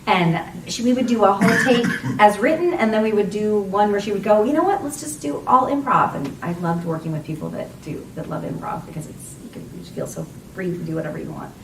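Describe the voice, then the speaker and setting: Brief: rambling, laughing voice actress at a convention panel, distant mic, faint background noise. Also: female voice, mid-range voice, fairly quick, reverberant. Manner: chatty and rambling, laughs often, acts out quotes. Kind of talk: casual panel Q&A.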